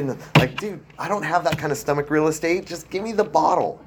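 A man's voice: fairly high pitch, animated, fast talker, hardly any pauses, a little hiss or hum. Rambling man sharing a recovery story. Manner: rambling and self-deprecating, with many fillers and restarts. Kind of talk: casual personal testimony.

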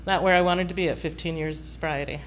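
Middle-aged woman, wry storyteller, chatty, slightly low voice, faint background hiss. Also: steady tone, fast talker, poor audio. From London. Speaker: speaker sharing a recovery story. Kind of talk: humorous personal storytelling.

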